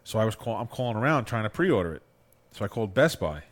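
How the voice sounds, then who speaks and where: A middle-aged man, co-hosting a casual podcast chat and telling stories in a quick, animated, swearing way. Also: on the low side. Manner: fast, animated storytelling with swearing. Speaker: podcast co-host.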